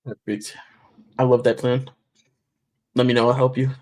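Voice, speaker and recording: A man co-hosting a casual podcast, chiming in with short agreeing replies and quick quips. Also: mid-range voice, little pitch movement, darkish tone, low-quality recording.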